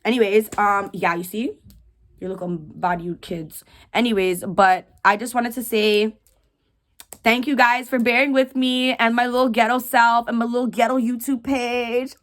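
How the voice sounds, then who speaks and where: A woman in her twenties talking to camera at home, rambling and candid with slang and dark jokes. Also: fairly high pitch, fairly even intonation, moderate pace. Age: 20s. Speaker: vlogger, widow. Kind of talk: casual talk to camera. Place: home room.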